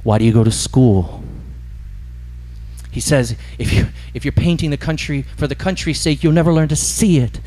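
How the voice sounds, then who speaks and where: A man preaching a sermon in an animated, emphatic storytelling manner. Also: fairly high pitch, moderate pace. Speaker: pastor.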